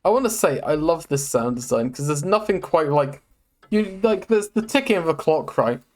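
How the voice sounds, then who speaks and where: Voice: mid-range voice, lively intonation, normal speed, a little mellow. A streamer hosting a live watch-along, chatty and playful, who swears casually. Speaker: streamer host.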